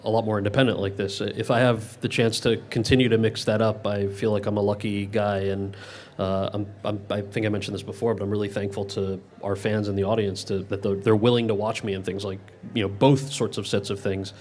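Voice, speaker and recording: Fast-talking man answering audience questions. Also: fairly low pitch, level tone, darkish tone. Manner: candid, with frequent restarts. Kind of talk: public Q&A conversation. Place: event with live audience.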